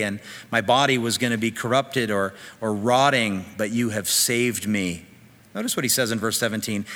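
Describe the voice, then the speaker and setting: A man preaching a sermon, reading scripture aloud with animated, rising emphasis. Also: lowish voice, big-room sound. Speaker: pastor.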